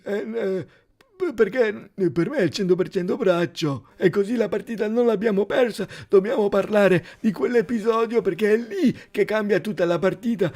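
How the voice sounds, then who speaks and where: A man with an Italian accent impersonating a gravelly, croaky football coach who whines and hesitates with drawn-out "eh"s. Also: high-pitched, darkish tone, voice pushed up. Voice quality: gravelly, croaky like a heavy smoker. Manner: whiny, hesitant, full of drawn-out "eh"s.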